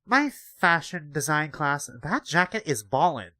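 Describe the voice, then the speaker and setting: A man's voice: a little high, very animated, unhurried, sharp tone, heavily acted. A man voicing a bubbly valley-girl triceratops teen girl with a nasal drawl. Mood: breezy. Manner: chummy, aloof.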